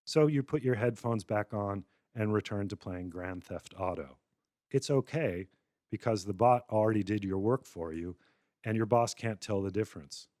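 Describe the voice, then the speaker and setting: Man, lecturer, wry satirical narration, low voice, dry recording. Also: a little mellow, no echo. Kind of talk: public lecture, storytelling argument.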